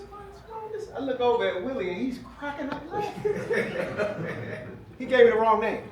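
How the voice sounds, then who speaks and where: A middle-aged man giving a playful, animated storytelling speech to a live audience, laughing often and acting out shouted quotes. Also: very high-pitched. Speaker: speaker at an event. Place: event hall with a live audience. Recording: echoey room from far off, noisy.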